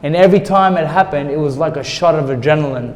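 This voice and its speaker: A man's voice: on the high side, quick pace, in a large hall. A middle-aged man, a guest in an interview, earnestly telling a personal story and repeating words when he gets emotional.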